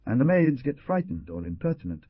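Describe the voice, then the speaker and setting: A man's voice: on the low side, sing-song, normal speed, husky, dry recording, narrow, tinny audio, exaggerated voice. A man voicing a stout, elderly, foreign-born hostess who fusses and scolds in formal phrasing, with a foreign accent. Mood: fussing.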